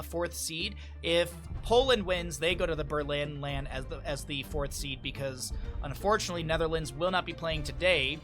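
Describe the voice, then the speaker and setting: A young man from the American Midwest casting a live esports match, tired and chatty, turning aside to talk to his stream chat between plays. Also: fairly high pitch. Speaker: esports caster. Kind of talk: live game commentary.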